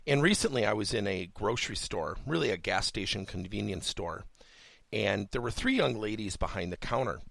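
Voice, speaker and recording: A man's voice: on the low side, lively intonation, moderate pace, creaky, a bit bright, no room sound. A man hosting a workplace coaching podcast, telling a story with rhetorical questions.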